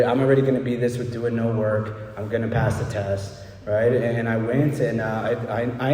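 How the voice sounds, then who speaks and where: A man's voice: mid-range voice, mellow. Candid man speaking in a distant hall. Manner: candid, rambling, frequent "right?" asides. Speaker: recovery speaker. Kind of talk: personal recovery talk. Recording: roomy hall from far off.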